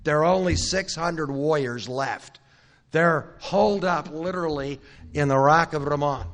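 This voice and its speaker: A man's voice: a little high, a little slow, fairly bright tone. A man preaching a teaching sermon, retelling a Bible story in a conversational way, acting out the characters' lines and adding wry asides to the audience. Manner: asks the audience questions and adds wry asides. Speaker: Bible conference speaker.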